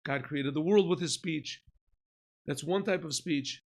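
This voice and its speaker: A man, a rabbi, giving an informal Torah lesson, asking and answering his own questions and often clearing his throat. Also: a little high, measured pace. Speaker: rabbi teaching a class.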